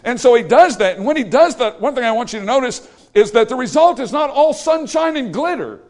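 Animated high-pitched preacher man. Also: brisk. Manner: animated, acts out quoted voices. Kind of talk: sermon.

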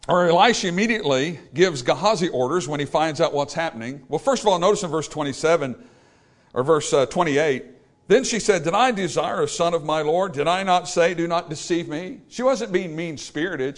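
Male preacher, slightly high voice, folksy storytelling sermon delivery. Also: normal speed. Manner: retells scripture in plain folksy terms, reads verses in King James wording.

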